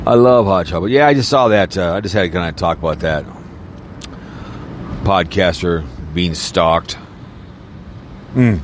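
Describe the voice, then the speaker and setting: Low-voiced man ranting crudely. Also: measured pace, pauses often, a little hiss or hum. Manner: rambling, crude and mocking. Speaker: podcaster. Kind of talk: casual rant to camera. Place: in a car, snowy weather.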